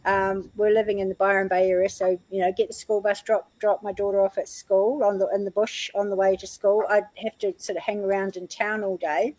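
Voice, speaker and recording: A woman's voice: mid-range voice, level tone, a little fast, few pauses, darkish tone, poor audio. A middle-aged woman, a guest healer telling a personal story in casual chat with plenty of fillers and laughs. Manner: chatty, laughing, lots of fillers.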